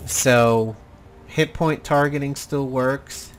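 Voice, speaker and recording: A man's voice: mid-range voice, fairly even intonation, takes it slowly, faint music behind. A man hosting casual gameplay commentary, rambling and blunt, with the odd swear. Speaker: gaming channel host.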